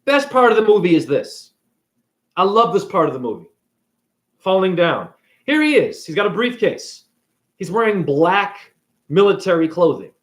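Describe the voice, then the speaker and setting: Animated, profane man ranting casually. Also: high voice, normal speed, pauses often. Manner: profane, animated, acts out characters. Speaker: spiritual video creator. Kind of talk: casual rant retelling a movie.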